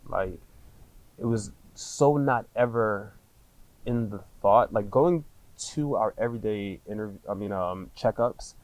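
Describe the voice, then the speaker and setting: A man in his thirties, a podcast guest, telling a personal story candidly, in casual slang with frequent swearing and halting restarts. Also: on the low side, a little mellow, dry recording, poor audio.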